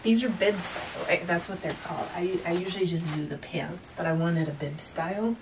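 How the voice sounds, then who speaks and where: At home indoors, a fitness vlogger rambles casually and laughs a lot while showing off her purchases. Her voice is lowish and a little fast, captured far from the mic against a noisy background.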